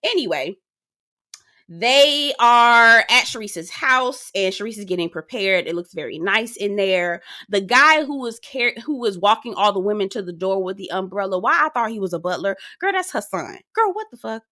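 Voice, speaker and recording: A bright, animated woman reviews a reality show in a sassy, gossipy recap. She speaks, full of slang and exclamations. Her pitch swings widely as she talks. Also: moderate pace. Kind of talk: casual recap commentary.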